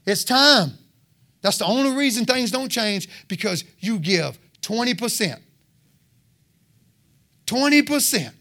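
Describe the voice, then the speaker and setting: A man giving a fervent testimony sermon, exhorting listeners and breaking into shouted roars. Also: extremely high pitch, expressive, slow, long pauses. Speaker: lay preacher.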